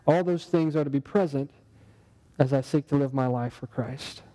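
Man preaching with a mellow tone. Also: mid-range voice, normal speed, long reverb tail, low-quality recording. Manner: conversational preaching with rhetorical questions. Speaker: pastor. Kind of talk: sermon.

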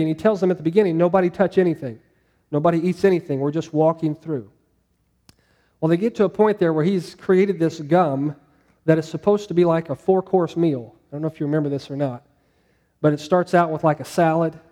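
A man's voice: a little high, warm tone, in a large hall. A man preaching a sermon to a congregation in a conversational way, asking them questions as he goes. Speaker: pastor.

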